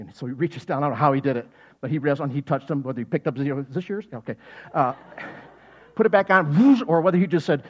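A man preaching a sermon, animated and jokey, acting out quotes with sudden loud shouts and laughing often. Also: a little high, fast talker, highs cut off. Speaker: pastor.

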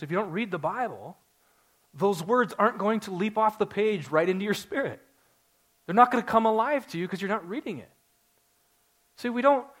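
A man in his forties preaching a sermon to his congregation, earnest and story-driven, building to excited emphasis. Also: high voice. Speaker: pastor.

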